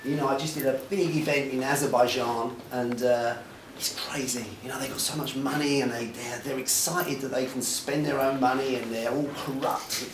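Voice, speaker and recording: A man's voice: mid-range voice, fairly even intonation, moderate pace, noisy background. Rambling man in an echoey hall. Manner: rambling, chuckling, frequent restarts. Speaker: guest speaker, jewellery designer. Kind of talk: casual anecdotal talk to an audience. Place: lecture room. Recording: echoey room, mic at a distance.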